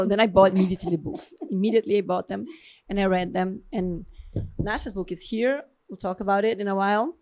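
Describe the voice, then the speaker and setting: A woman's voice: mid-range voice, a little mellow. A woman with a Brazilian Portuguese accent hosting a podcast interview, effusive and openly emotional as she welcomes her guest. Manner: effusive, emotional, quick switches between English and Portuguese. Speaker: podcast host, endocrinologist.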